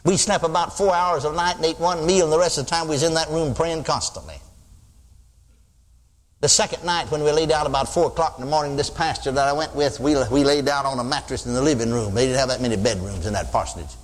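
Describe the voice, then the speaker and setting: A man's voice: fairly high pitch, fast. An older man preaching a sermon in a folksy storytelling way, mimicking another pastor's sing-song praying. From Texas. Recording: long reverb of a church hall.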